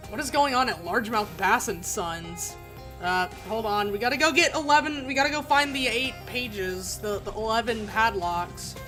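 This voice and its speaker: A young woman streaming a video game, commenting excitedly and gushing, with bursts of loud laughter. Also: medium pitch, moderate pace, faint music behind. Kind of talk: live gameplay commentary.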